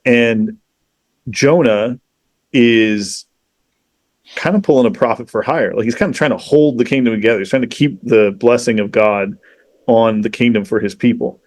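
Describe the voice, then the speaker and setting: A man in casual podcast conversation, retelling a story in a lively, profane way, peppered with "you know" and "like.". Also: mid-range voice, normal speed, no room sound. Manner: animated, profane, acts out quoted characters; frequent fillers like "you know" and "like". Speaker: podcast guest.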